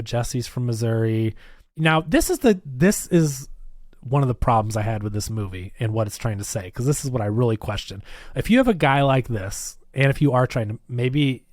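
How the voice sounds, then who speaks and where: A man's voice: medium pitch, expressive, moderate pace, darkish tone, no echo, studio quality. A man casually retelling a film's plot on a review podcast, acting out quoted lines, with many fillers. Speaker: film review podcast host.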